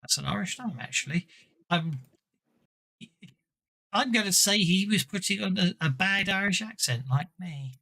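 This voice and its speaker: A man narrating as game master of a tabletop game, halting and amused. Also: high-pitched, lively intonation, vocal fry, pushed and bright. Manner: halting, self-interrupting, amused.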